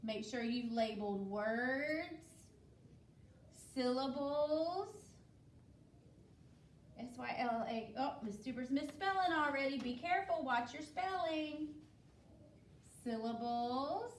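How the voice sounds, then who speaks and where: A woman's voice: sits high, lively intonation, slow pace, long pauses, a little hiss or hum. A woman teacher leading a spelling lesson, patient and instructive, checking in with "okay?" after each step. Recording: echoey room, voice from a distance.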